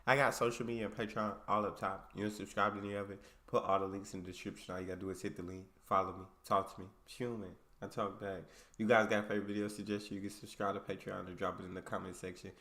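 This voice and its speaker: An American man hosting a reaction channel, talking in a relaxed, slangy, conversational way. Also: deep voice, fast, few pauses. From United States. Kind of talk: casual reaction commentary.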